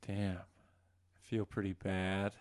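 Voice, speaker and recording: A male podcast guest in casual chat, talking in a low-key way with short replies. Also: completely flat delivery, slow pace, a little mellow, no room sound.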